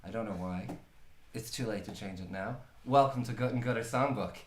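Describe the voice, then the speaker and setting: A man's voice: fairly low pitch, fairly quick. A man hosting a live folk music showcase, chatting casually and joking as he rambles along. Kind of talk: casual live-stream chat. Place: private room in a home venue. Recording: echoey room.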